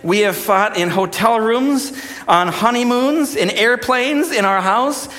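A man's voice: extremely high pitch, a little slow. A young adult male pastor preaching a sermon, joking and acting out quotes as he tells stories. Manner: animated storyteller, jokey, acts out quotes. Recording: long hall reverb.

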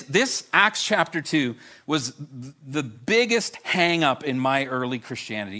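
A middle-aged man preaching a sermon, animated and storytelling, with self-deprecating humor. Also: mid-range voice. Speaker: pastor.

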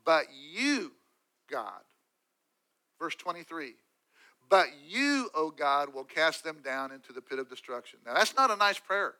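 A man preaching a sermon, swinging from loud emphatic lines to quiet asides. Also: a little high, big pitch swings, measured pace, smooth, poor audio. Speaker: pastor.

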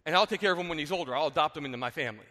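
A man's voice: a little high, racing, pushed and bright, in a large hall. A male pastor voicing a breezy Egyptian princess. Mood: offhand. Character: casual, easygoing young Egyptian princess, woman.

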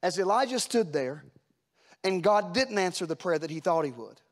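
A man preaching a sermon, retelling scripture scenes with voiced characters and swinging between hushed, slow lines and loud, urgent ones. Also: high-pitched, expressive.

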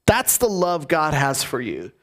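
A man's voice: on the high side, huge pitch swings, a little slow, fairly bright tone. A man preaching a sermon as pastor, earnest and emphatic, repeating phrases for stress.

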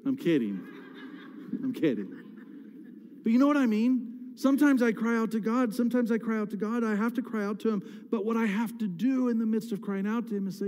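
A man's voice: high-pitched, moderate pace, darkish tone. A middle-aged man, a pastor, preaching a candid and emotional sermon with frequent restarts. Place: church sanctuary. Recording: long hall reverb.

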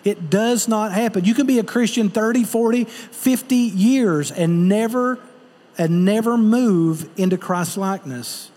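High-voiced man preaching in a reverberant hall. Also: measured pace, dark tone. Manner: earnest preaching, rhetorical questions to the congregation. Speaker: pastor. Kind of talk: sermon.

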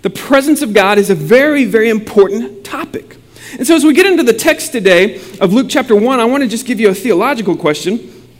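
A man pastor giving a sermon and telling a childhood story in an animated, humorous way. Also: extremely high pitch, brisk, big-room sound.

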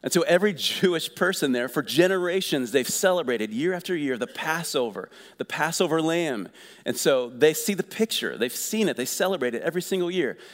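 A man preaching a sermon in a conversational, energetic way, asking the congregation questions. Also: fairly high pitch, fairly quick, in a large hall. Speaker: pastor.

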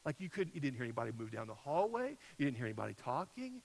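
A man preaching a sermon, telling a personal story in a conversational way, with loud peaks and soft drops. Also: mid-range voice, very animated, fast talker, gravelly, slight background noise, rough recording. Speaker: pastor.

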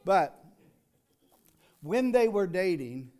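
An older man preaching a sermon in a folksy, conversational way, rising into emphatic reading and dropping to quiet asides. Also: sits high, big pitch swings, extremely slow. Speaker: pastor.

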